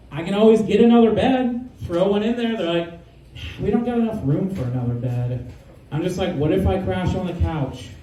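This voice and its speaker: A man's voice: sits high, a little mellow, roomy sound, far from the mic, a little hiss or hum, rough recording. A man doing a live stand-up set, rambling and profane, acting out voices of friends and characters. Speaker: stand-up comedian. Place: live comedy venue with audience.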